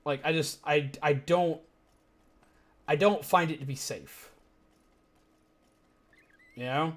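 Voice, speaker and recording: Streamer casting: young man, high voice, rambly, excitable. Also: slow. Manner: rambling, animated, swears freely. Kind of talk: casual gaming commentary.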